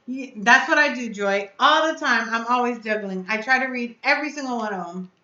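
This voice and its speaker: Hosting a casual live stream, this vape reviewer chats effusively and reads out answers to viewer comments. Her fairly high voice is expressive, bright and forceful at a normal speed, in a reverberant recording with the highs cut off.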